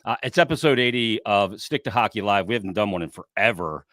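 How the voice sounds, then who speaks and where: A man hosting a casual sports talk show, chatty and lively, leading the conversation and asking his co-host questions. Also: on the low side, fast, no echo, studio quality. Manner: lively, chatty, opens with an announcer-style intro. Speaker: podcast host.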